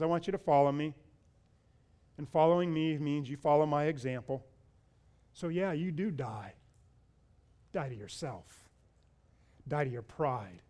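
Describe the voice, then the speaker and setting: High-voiced man preaching with rising intensity. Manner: builds to loud, repeated appeals; preaches with rhetorical questions. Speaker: pastor. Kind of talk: sermon.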